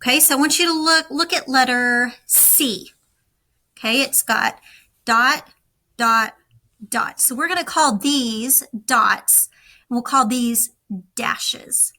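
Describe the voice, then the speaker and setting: A woman teaching a recorded lesson, speaking slowly and deliberately to young students. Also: high voice, pushed and bright, rough recording. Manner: slow, deliberate, instructive.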